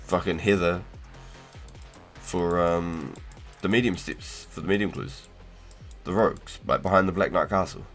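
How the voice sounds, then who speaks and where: A low-pitched man chats casually with his stream viewers, his talk loose, slangy and peppered with swearing. His voice sits deep. Soft music plays quietly behind him. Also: unhurried, long pauses. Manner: relaxed, slangy, swears and laughs often. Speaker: livestream host. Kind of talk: casual livestream chat.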